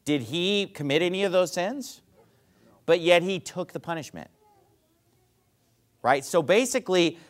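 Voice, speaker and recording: A male pastor preaching a sermon to his congregation, asking rhetorical questions and dropping his voice softly to act out apologies. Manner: drops to a soft low voice to act out apologies.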